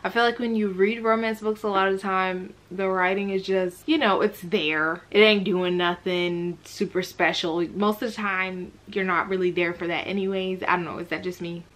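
A woman reviewing books in a casual, chatty vlog, talking in a slangy, animated way and often laughing. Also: medium pitch, moderate pace, hardly any pauses. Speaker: book vlogger.

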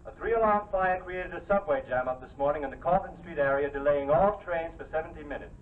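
An actor playing a radio newscaster reading local news in an even, formal manner, heard as a tinny radio from across the room. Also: male voice, a little high, quick pace, far from the mic, a little hiss or hum, lightly acted.

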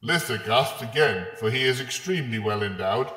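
A man tells an absurd villainous scheme with gleeful relish, and his voice is neither high nor low. The room around him is echoey, with a long tail of reverb after each phrase. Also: lively intonation, moderate pace, fairly bright tone. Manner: gleeful, playfully villainous storytelling. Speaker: podcast co-host. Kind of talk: comedic scheme narration.

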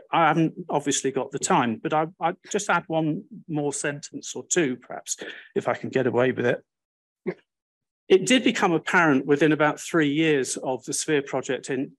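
An older man speaking on a panel, recounting history in a wry, self-deprecating and emphatic way. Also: on the high side. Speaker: panel speaker, Sphere's first chair.

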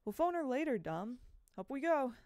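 A woman's voice: high-pitched, sing-song, normal speed, darkish tone, no room sound, clean studio sound, voice pushed up. A woman voicing a bold, brash young boy in an audiobook reading. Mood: cocky. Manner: brash and offhand. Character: bold adventurous boy, cocky and calm.

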